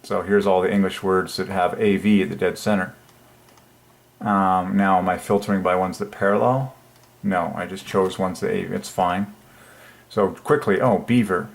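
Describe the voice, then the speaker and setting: A man hosting his own channel, musing aloud at his computer in an enthusiastic, halting way with many fillers. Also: low voice, steady tone, creaky. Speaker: channel host. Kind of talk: religious numerology screen talk.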